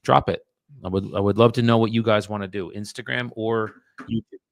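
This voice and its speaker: A man's voice: fairly low pitch, fairly even intonation, a little fast, gravelly, no room sound. A man, a real estate agent chatting bluntly and with some profanity to live-stream viewers while his dialer runs. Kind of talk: casual live-stream chat.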